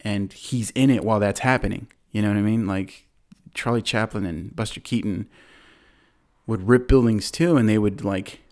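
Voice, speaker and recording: A man's voice: fairly low pitch, normal speed, a little mellow. A man hosting a podcast, casually retelling a movie plot in a rambling way, full of fillers and acted-out quotes. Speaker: podcast host.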